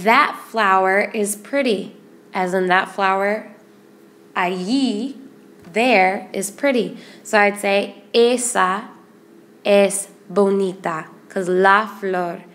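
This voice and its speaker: A woman teaching a Spanish grammar lesson in English, explaining patiently and repeating word lists slowly. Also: medium pitch, a bit bright.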